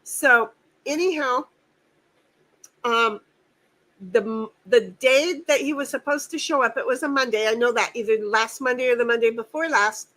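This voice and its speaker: A woman hosts a casual livestream from home, her voice high and bright. She vents angrily, curses freely and stumbles over repeated phrases. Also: normal speed, rough recording. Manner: profane, venting, repeats herself. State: angry and upset. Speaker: stream host.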